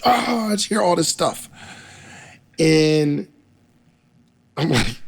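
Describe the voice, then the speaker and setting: A young man telling a story in a casual interview, animated and laughing often as he acts out what people said. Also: on the high side, takes it slowly, creaky, breathy edge. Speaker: podcaster guest.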